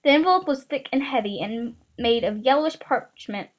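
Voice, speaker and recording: A woman reading a novel aloud in a halting way, often stumbling and restarting words. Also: high voice, rough recording. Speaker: reader.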